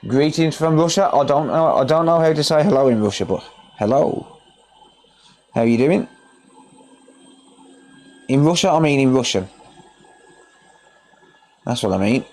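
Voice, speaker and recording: A man from England's West Midlands, speaking with his regional accent, chats casually with live-stream viewers while doing repairs. His mid-range voice is unhurried and he pauses often, keeping things relaxed and greeting viewers by name.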